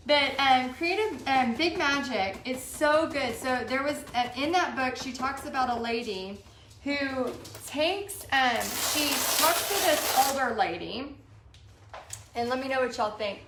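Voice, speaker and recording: A woman's voice: high-pitched, measured pace, fairly bright tone. Fired-up woman with a lilt, echoey. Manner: earnest, fired-up, heavy fillers like "you know" and "like". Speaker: paint party business host. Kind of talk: live-streamed motivational talk. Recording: echoey room with faint background hum.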